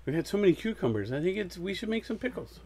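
A man's voice: high-pitched, very animated, fast talker, warm tone. A man hosting a live children's music show, singing farm songs and chatting playfully between verses. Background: guitar strumming.

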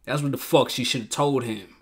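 A man's voice: mid-range voice, normal speed, slightly rough. A man hosting a show reaction, talking bluntly in profane slang and repeating himself in heated outbursts. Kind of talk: casual reaction commentary.

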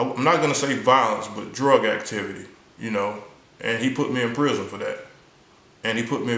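A man of middle pitch tells a personal story straight to the listener, earnest and conversational. He slips into the voices of the people he quotes as he goes. His voice rings in an echoey room. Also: a bit bright. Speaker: vlogger sharing a personal story. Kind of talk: casual storytelling to camera.

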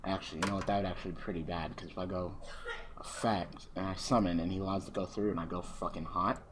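A man with a fairly low voice talks through an online card duel in loose, casual commentary. He swears constantly and swings from quiet muttering to loud ranting. A faint hiss of noise sits under the recording. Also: fairly even intonation, fast talker. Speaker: gaming channel host.

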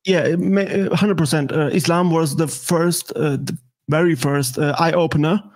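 Halting, higher-voiced German man. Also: fairly even intonation, darkish tone. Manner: halting, many fillers and restarts. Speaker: guest political commentator. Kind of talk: casual interview chat.

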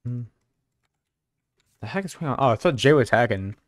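A man's voice: mid-range voice, expressive, normal speed, no room sound, studio quality. A young man live-streaming a game, chatting casually and teasing his viewers in a joking way. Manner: joking, teasing chat banter.

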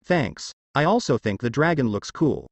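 A man voicing a calm, earnest young male ninja hero who protects the innocent, in a story narration. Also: mid-range voice, normal speed, dry recording, lightly acted.

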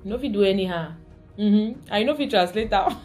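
A woman's voice: mid-range voice, fairly quick, a little mellow, faint music behind. A woman from Cameroon with a Cameroonian Pidgin English accent, hosting a casual vlog and chatting to her viewers, laughing often and switching between pidgin and English. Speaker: vlog host.

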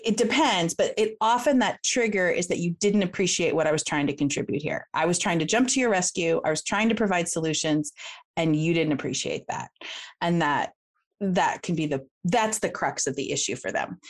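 Chatty woman coach, laughing easily. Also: lowish voice. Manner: chatty, laughs often, acts out quick quoted examples. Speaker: guest, conflict coach. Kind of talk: casual explanatory interview talk.

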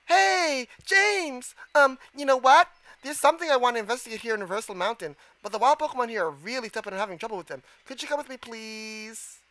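A man's voice: very high-pitched, a little fast, sharp tone, no echo, pitched above the performer's own voice. A man voicing a chirpy young woman trainer from a game, bubbly and pleading, in a sing-song tone.

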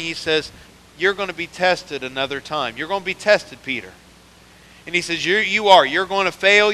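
A man's voice: fairly high pitch, bright, forceful tone. A man preaching a sermon as pastor, talking straight to the congregation and building in intensity. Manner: preaching with rising intensity, addressing the church. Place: church sanctuary. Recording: church hall with long reverb.

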